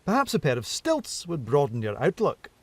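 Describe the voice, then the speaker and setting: A man's voice: a little high, wildly swooping pitch, normal speed, no room sound. Brief: a man playing a wordy storybook fox, lilting and raised, dry close sound. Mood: musing. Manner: wordy, meandering, playful. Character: whimsical, rambling old male fox poet.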